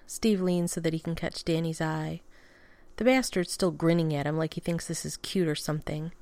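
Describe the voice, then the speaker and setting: A woman narrating a fan fiction story aloud at a steady pace with casual swearing. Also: on the low side, moderate pace, creaky, no echo.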